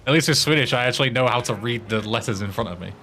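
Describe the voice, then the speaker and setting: Brief: young British streamer, mid-pitched, casual and sweary, faint hum behind. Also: male voice, rapid-fire, bright, forceful tone. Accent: British English. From Britain. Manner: swearing, laughing at his own attempts at tongue twisters. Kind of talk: casual gaming stream chat.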